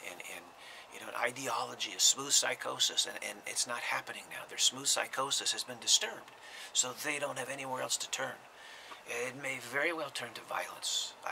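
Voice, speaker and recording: A spiritual teacher with a medium-pitched male voice gives an informal talk to viewers over a noisy background. He often drops into a breathy whisper and repeats words as he goes.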